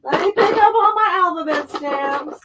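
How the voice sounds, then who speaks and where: A woman's voice: very high-pitched, moderate pace, noisy background. A middle-aged woman hosting a casual livestream, chatting in a rambling way, laughing often and greeting her viewers. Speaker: livestream host.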